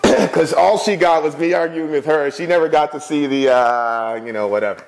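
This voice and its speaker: High-voiced middle-aged man preaching. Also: normal speed, gravelly, poor audio. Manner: conversational preaching with asides. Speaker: pastor. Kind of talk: sermon.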